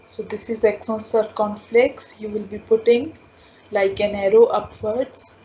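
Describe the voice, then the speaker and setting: A woman teaching French in an online class, slowly repeating sounds and explaining rules step by step. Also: medium pitch, warm tone. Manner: slow, repetitive, spells out sounds patiently. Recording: dull lo-fi class recording with faint noise.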